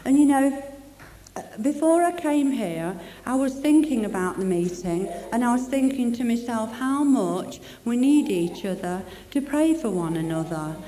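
A woman's voice: on the high side, animated, measured pace, mellow. A woman giving an emotional personal testimony at a church meeting, talking in a heartfelt, chatty way. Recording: echoey hall with long reverb.

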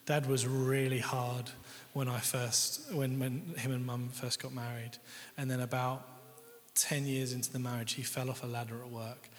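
A man's voice: medium pitch, level tone, moderate pace. Young guy telling his testimony, chatty and open, big echoey hall. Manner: candid, conversational, quotes others' words. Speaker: guest speaker. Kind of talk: personal testimony in a sermon. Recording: long hall reverb.

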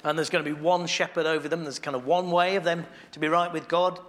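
A man with a somewhat raised pitch preaches a sermon quickly in a level tone, keeping it easy and conversational. He thinks aloud with restarts and soft asides, dropping into a hushed, intimate tone on devotional, personal points.

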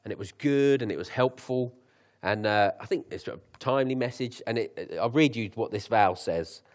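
A young man preaching a sermon, chatty and joking, then reading scripture slowly with lifted emphasis. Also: medium pitch. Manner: conversational, laughs at his own asides.

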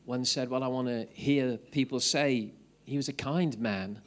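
A man's voice: mid-range voice, unhurried. Man preaching an Easter sermon. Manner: casual preaching, reads scripture aloud. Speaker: pastor. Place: church.

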